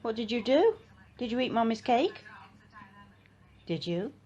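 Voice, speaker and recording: A woman's voice: on the high side, big pitch swings, a little slow, warm tone. A woman using playful, scolding baby talk with her dog. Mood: teasing.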